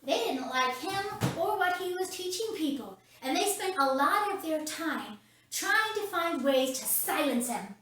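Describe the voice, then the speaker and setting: A woman's voice: very high voice, expressive, unhurried, fairly bright tone. A woman leading kids' story time from her home, upbeat and talking straight to the children. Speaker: children's ministry leader. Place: at home, roomy indoor space. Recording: very echoey room, mic at a distance.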